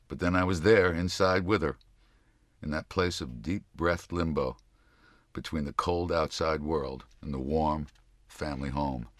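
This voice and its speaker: A man with an extremely deep, low voice narrates a memoir audiobook. His reading is slow, measured and somber, recorded close and bone-dry with no room sound. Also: dry recording.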